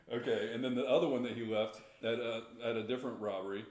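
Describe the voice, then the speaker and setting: A man's voice: mid-range voice, fairly even intonation, brisk, darkish tone, roomy sound. A man co-hosting a podcast, casually retelling a story with rambling restarts and chuckles. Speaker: podcast co-host.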